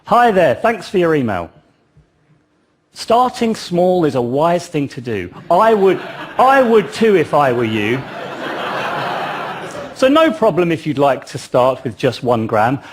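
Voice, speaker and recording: A man's voice: fairly high pitch, very animated, measured pace, breathy edge, exaggerated voice. A man voicing a courteous online drug vendor writing back to a new customer in a polite, upbeat tone. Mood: friendly.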